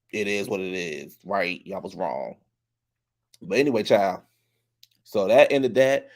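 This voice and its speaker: A sassy, gossipy man recaps a reality show in a loose, chatty way. His voice sits at a middle pitch and leaps high when he imitates the cast. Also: darkish tone. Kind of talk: casual recap commentary.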